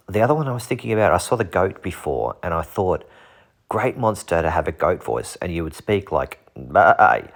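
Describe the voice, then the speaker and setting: A man casually talking through fantasy monster art, joking and making puns along the way. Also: low voice. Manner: jokey, punning, self-deprecating. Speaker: channel host.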